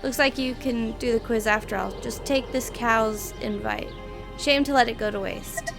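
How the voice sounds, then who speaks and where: A woman's voice: a little high, normal speed, over music, lightly acted. A woman reading the lines of a jovial, menacing male gunman in a gamebook, voicing him lightly. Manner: jovial, offhand about violence.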